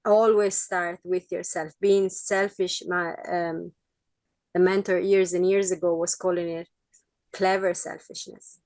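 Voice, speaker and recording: A woman's voice: fairly low pitch, level tone, measured pace, darkish tone, no echo. A woman hosting a podcast interview, speaking in an affirming, reflective way. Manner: affirming, reflective, frequent mm-hmms. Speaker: podcast host. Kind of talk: casual interview chat.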